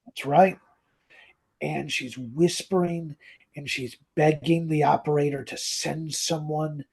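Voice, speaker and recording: A man with a high, gravelly voice co-hosts a podcast in casual chat. He walks through a story at an unhurried pace, slipping into the characters' lines as he goes. His tone has a slightly husky edge. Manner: animated retelling, acting out quoted lines. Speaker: podcast co-host.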